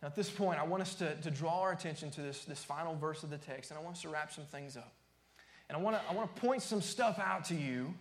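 A man's voice: high-pitched, reverberant. A man preaching a sermon as pastor, emphatic and repetitive, sometimes dropping to a near-whisper.

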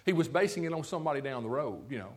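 A man's voice: mid-range voice, very fast. A man preaching a sermon as a pastor, talking straight to the congregation and checking in often with "see?" and "okay?". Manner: lively preaching with frequent "see?" and "okay?" asides.

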